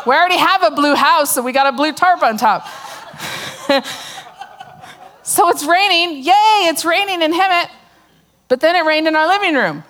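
A fairly bright voice that sits high belongs to a middle-aged woman addressing a church audience. Her testimony talk is humorous, with sarcastic side comments and lots of laughter as the story unfolds.

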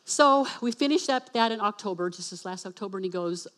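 Woman telling her testimony from a church stage. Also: medium pitch. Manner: animated storytelling that acts out dialogue; spells words out slowly for emphasis. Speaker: church speaker and worship leader. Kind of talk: personal testimony from the platform.

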